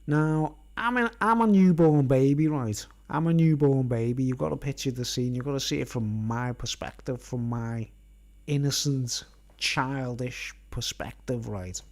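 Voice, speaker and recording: Man, live streamer, rambling, conversational, keeps asking "right?", mid pitch. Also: unhurried, a little mellow. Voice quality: conversational, constantly checks in with "right?". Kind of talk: rambling casual storytelling.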